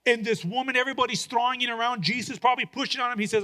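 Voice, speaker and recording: A man's voice: very high voice, racing, hardly any pauses, bright, forceful tone. A male pastor preaching a sermon, retelling a story with dramatic acted-out voices.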